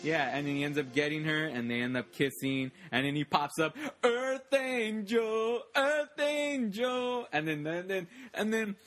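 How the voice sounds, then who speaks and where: A man in a casual movie chat, talking fast with lots of fillers and acting out lines from scenes. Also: a little high, fairly bright tone, faint music behind.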